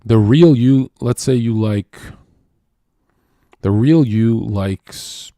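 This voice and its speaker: A man hosting a livestream and talking to his chat in a blunt, profane rant that swings from shouting to low muttering. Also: very slow, dry recording, clean studio sound.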